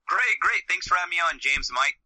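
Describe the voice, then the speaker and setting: A man's voice: fairly high pitch, lively intonation, fast talker, pushed and bright, low-quality recording. A man in his forties, a podcast guest, talking about himself in a matter-of-fact way with some fillers. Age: 40s. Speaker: interview guest. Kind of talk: casual interview.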